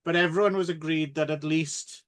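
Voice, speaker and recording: A man's voice: a little high, steady tone, normal speed, fairly bright tone. A man co-hosting a casual film podcast, rambling and hesitant, with lots of fillers. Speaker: podcast co-host.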